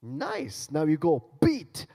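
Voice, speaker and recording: Playful beatboxer in an echoing hall. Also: male voice, on the high side, huge pitch swings, takes it slowly, dark tone. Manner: playful, coaxing the audience to join in. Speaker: beatboxer giving a talk. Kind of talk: interactive stage talk and demonstration. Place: large conference hall. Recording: long hall reverb.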